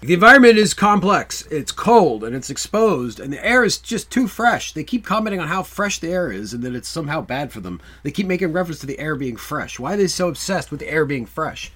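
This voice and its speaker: A man co-hosting a casual film podcast. His voice is bright and forward, and it rises and falls in wide, animated swings. He gets loud when he stresses a point. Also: a little high, fairly quick, few pauses. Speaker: podcast co-host.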